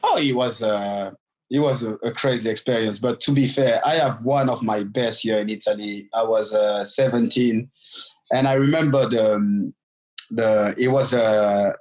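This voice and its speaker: A man with a French accent, a podcast guest who speaks French as his first language, telling his story in lively, loosely phrased English. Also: fairly low pitch, normal speed, low-quality recording. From France. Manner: animated, non-native English with loose grammar. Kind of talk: storytelling interview.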